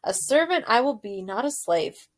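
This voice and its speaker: A woman voicing a twelve-year-old, half-deaf servant girl who talks loudly in rustic speech in a storybook read-aloud. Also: high-pitched, lively intonation, moderate pace. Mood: loud, eager. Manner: shouting, countrified speech.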